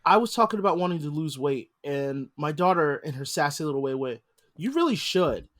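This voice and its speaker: A woman in her thirties on a casual podcast, teasing her co-host and laughing loudly. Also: low-pitched, brisk. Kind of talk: casual chat.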